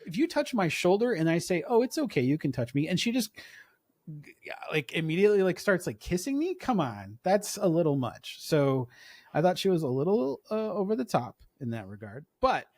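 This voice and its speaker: A man co-hosting a casual podcast, rambling and animated, often acting out characters' lines in quick impressions. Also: high-pitched, dry recording, studio quality. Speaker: podcast co-host.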